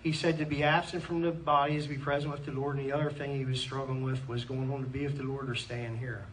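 A man's voice: mid-range voice, flat delivery, fast talker. Preacher man heard from a distance. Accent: Pennsylvania American. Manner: earnest, reads scripture aloud with frequent amens. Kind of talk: sermon. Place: church hall. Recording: distant mic in a church with faint room noise.

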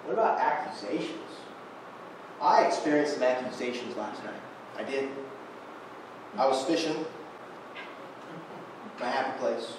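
In a church sanctuary, a young guest preacher tells a self-deprecating fishing story in his sermon, speaking unhurriedly with long pauses at medium pitch. The audio is captured from far off in an echoey room, with noise.

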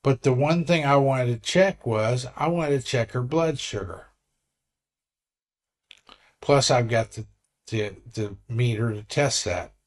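A man in his late sixties talks slowly and steadily to his camera in a casual vlog. He tells his story earnestly, wandering and restarting his sentences as he goes. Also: mid-range voice. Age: 60s. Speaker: vlogger.

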